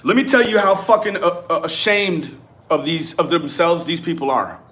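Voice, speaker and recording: A man giving a profane, animated rant to his viewers. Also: on the high side, moderate pace. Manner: animated, swearing, talks straight at viewers. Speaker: commentary vlogger. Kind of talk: profane ranting commentary.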